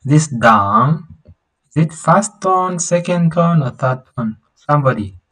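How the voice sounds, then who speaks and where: A man teaching an online language class at an unhurried, drawn-out pace. He explains patiently, repeats himself, and sings out long vowels to show how each tone rises or falls. He often pauses, restarts and hunts for words. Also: on the high side, animated, fairly bright tone, low-quality recording. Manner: halting, with many fillers and restarts. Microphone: video call.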